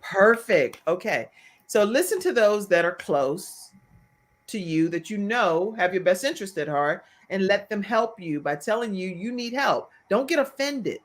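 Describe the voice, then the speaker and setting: A woman's voice: medium pitch, unhurried. A woman hosting a talk show, chatting in a casual interview and acting out quoted voices along the way. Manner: animated, acts out quoted voices.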